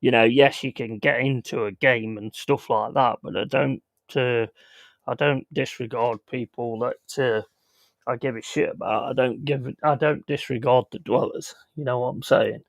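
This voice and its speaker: A man's voice: mid-range voice, steady tone, moderate pace, creaky, no echo. A man hosting a casual livestream, talking bluntly and with plenty of swearing. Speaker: streamer host. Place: home.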